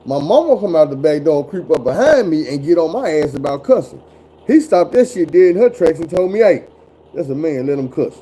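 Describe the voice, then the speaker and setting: A man's voice: on the high side, very animated, fairly quick, warm tone, slight background noise, low-quality recording. A man in his forties telling stories in casual chat, blunt and full of cursing. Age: 40s. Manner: profane, blunt, drawling storyteller.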